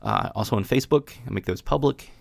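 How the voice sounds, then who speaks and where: Talking fast in a creaky, mid-range voice with no echo, a podcast host reads Bible passages out loud. He then chats about them in a relaxed way, with plenty of restarts.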